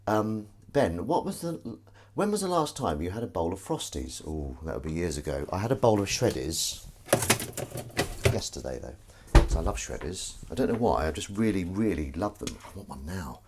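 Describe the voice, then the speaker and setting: A man hosting a casual live stream, rambling and self-mocking with sudden shouts while he does the washing up at home. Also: low-pitched, sing-song, moderate pace, slight background noise. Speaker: streamer host. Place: home kitchen, doing the washing up. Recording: clattering dishes and running water.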